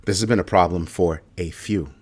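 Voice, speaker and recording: The show host, a man whose voice sits low, speaks at normal speed during his livestream commentary. He's emphatic, repeating key phrases for impact and answering viewers' comments along the way.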